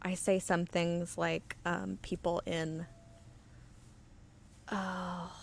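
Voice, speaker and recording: Rambling woman with a low, gravelly voice. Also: flat delivery, very slow, slight background noise. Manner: rambling, chatty, reads viewer comments aloud. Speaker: host painting miniatures on a live stream. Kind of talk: casual chat while demonstrating. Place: indoor studio under flood lighting. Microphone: webcam on auto settings.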